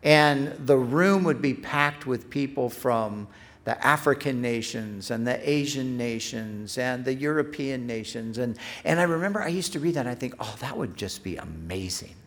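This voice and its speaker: Middle-aged man, pastor giving a sermon, earnest, stresses repeated phrases, mid-pitched voice. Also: moderate pace, a bit bright.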